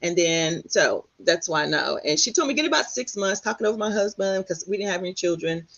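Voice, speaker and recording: A middle-aged woman from Texas, a guest telling her story in an animated way, often acting out what others said. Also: on the low side, a little fast. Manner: animated, quotes others in lively voices. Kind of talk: storytelling in conversation. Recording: dull lo-fi sound.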